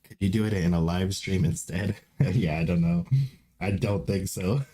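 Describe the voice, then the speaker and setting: A man's voice: low voice, steady tone, moderate pace, dark tone. Rambling self-mocking man on a live stream. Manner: rambling, self-mocking, laughs often, swears. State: tipsy. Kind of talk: casual live-stream chat.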